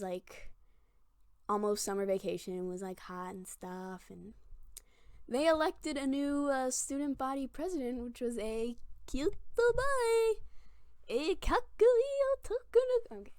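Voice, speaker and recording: A woman's voice: mid-range voice, no room sound, studio quality. A woman of twenty-one telling funny stories to camera in a chatty, self-mocking way, full of "like". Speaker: vlogger. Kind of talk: casual storytelling to camera.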